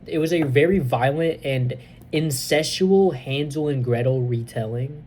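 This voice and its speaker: A man reviewing a movie, retelling the plot in a casual, excitable, rambling way with many fillers. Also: mid-range voice, measured pace, a little hiss or hum.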